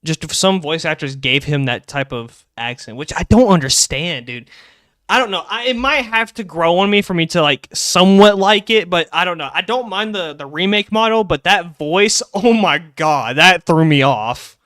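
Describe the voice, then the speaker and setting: A young man streaming live, chatting excitably and rambling about game lore. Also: high voice, dry recording, clean studio sound. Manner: excitable, rambling, quick bursts of laughter.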